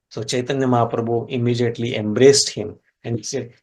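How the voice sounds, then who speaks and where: A man teaching a scripture class, retelling a devotional story and explaining Sanskrit words step by step, his voice jumping up in pitch at key moments. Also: a little fast, hardly any pauses. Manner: animated storyteller with sudden pitch rises. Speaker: spiritual teacher.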